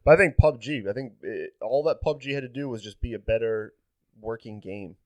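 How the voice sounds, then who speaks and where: A man's voice: medium pitch, fairly quick, no room sound. A young man co-hosting a casual gaming podcast, rambling with lots of fillers and restarts. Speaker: podcast co-host.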